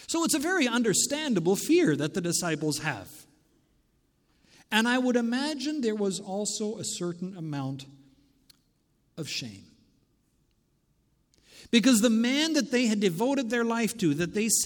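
A man preaching a sermon as pastor, swinging dramatically between loud declarations and hushed near-whispers. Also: sits high, sing-song, moderate pace, long reverb tail. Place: church sanctuary.

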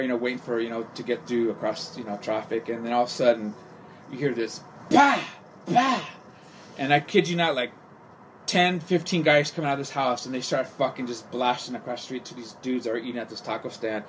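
Middle-aged man from California, rambling profane storyteller, mid-pitched, light background hiss. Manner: rambling, profane, heavy on "you know". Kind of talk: casual podcast storytelling.

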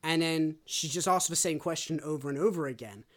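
A man of middling pitch co-hosts a relaxed book podcast. He tells stories with animation, slipping into the voices of the people in them. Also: a little fast. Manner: animated storyteller who acts out quoted voices. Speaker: podcast co-host. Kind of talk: casual book-club podcast chat.

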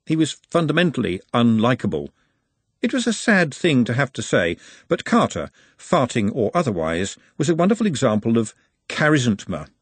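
A man narrating a comic novel as an audiobook in an expressive, wry storytelling manner. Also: mid-range voice, moderate pace, breathy edge, no room sound.

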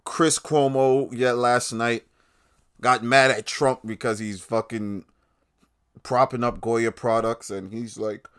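A man's voice: mid-range voice, unhurried, fairly bright tone. Profane, heated male podcast ranter. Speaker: podcast host. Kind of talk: casual ranting commentary.

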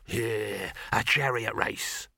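A man's voice: fairly low pitch, takes it slowly, gravelly, sharp tone, breathy edge, dry recording, studio quality, full character voice. A man voicing a pushy, scheming film producer who talks in soapy tones with a hint of menace. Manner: soapy and menacing, full of sales talk.

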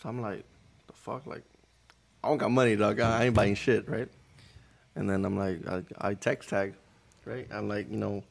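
A man with a low, gravelly voice tells stories in casual podcast chat. His talk is slangy and laced with cursing. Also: fairly even intonation, moderate pace, pauses often. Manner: slangy, profane storytelling. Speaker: podcast co-host.

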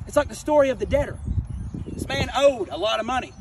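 A man's voice: extremely high pitch, fast. A man preaching an informal sermon, emphatic and confrontational, hammering home key phrases by repeating them. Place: outdoors near a wrecked car. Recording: distant mic with faint outdoor noise.

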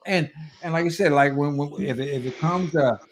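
A man's voice: fairly high pitch, brisk, slight background noise. A man hosting a political podcast, talking in an emphatic, preachy, conversational way. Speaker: podcast host.

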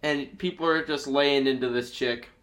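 This young male podcast host has a mid-range, fairly bright voice with a steady tone and moderate pace. In casual conversation, he tells a crude story in a rambling way, leaning on lots of fillers.

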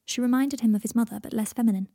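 A woman reads a story aloud, keeping a steady storytelling pace. Her voice is husky and breathy, and the recording sounds dry and close. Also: on the high side, racing, no echo. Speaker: narrator. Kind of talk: audiobook reading of fan fiction.

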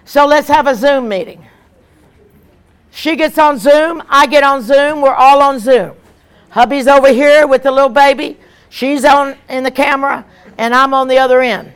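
A woman evangelist, preaching an emphatic, animated sermon with repeated lines. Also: high-pitched, normal speed.

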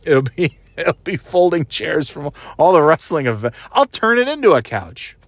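Having just walked out of a wrestling event in a city, a man vlogs in a loose, rambling way full of swearing, laughter, and goofy noises. His voice is a little high and sing-song, at a moderate pace, with no echo.

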